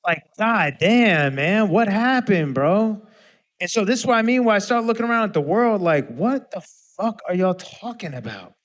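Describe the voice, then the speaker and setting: A man in his thirties ranting casually to viewers on a livestream, animated and profane, swinging between loud outbursts and low muttering. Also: moderate pace. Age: 30s. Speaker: musician hosting a livestream.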